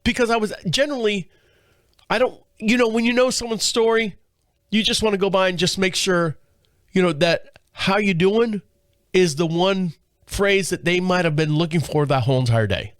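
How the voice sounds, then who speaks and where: Man, podcast host, slightly high voice, rambling anecdote, dry close mic. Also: moderate pace, no echo. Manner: rambling with frequent restarts. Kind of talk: casual storytelling monologue.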